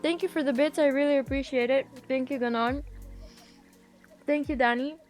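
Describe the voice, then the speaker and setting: High-voiced Bulgarian streamer woman. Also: steady tone, moderate pace, darkish tone, soft background music. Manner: chatty, teasing, reads chat aloud. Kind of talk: casual gaming livestream chat.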